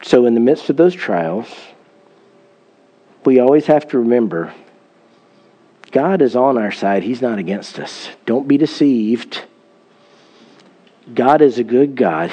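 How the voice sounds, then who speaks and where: A man's voice: medium pitch, dark tone, muffled recording. Earnest middle-aged male pastor preaching. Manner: earnest storytelling, emphatic scripture reading. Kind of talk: sermon.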